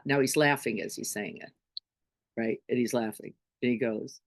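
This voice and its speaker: A woman's voice: a bass voice, steady tone, moderate pace, no echo. A middle-aged woman giving an informal spiritual talk to a group as its teacher, in a conversational way that keeps checking in with her listeners. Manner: conversational, often checks in with "right?".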